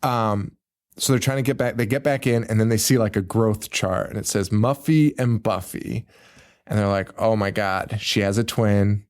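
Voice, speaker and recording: A man's voice: lowish voice, normal speed. A man co-hosting a podcast, telling a movie plot in casual chat, acting out the characters' screams and lines with swearing and laughter. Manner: animated storyteller who acts out characters with screams and laughs; swears freely. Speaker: podcast co-host.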